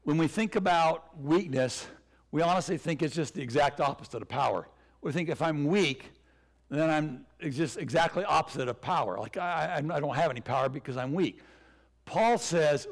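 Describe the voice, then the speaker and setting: A male pastor preaching a sermon with a hoarse, cracking voice, speaking earnestly with repetition. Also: on the high side. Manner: earnest, repetitive preaching with self-deprecating laughs.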